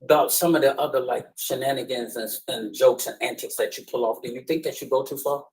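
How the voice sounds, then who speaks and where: A man's voice: medium pitch, steady tone, brisk, vocal fry, darkish tone, poor audio. A man hosting a podcast, talking in an emphatic, slangy, preaching way. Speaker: podcast host. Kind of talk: casual chat.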